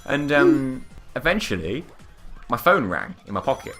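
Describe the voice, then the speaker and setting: A man's voice: mid-range voice, big pitch swings, unhurried, fairly bright tone, faint music behind. A young man telling a funny anecdote in casual chat, laughing often and acting out the people he quotes. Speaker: podcast co-host. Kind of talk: casual storytelling.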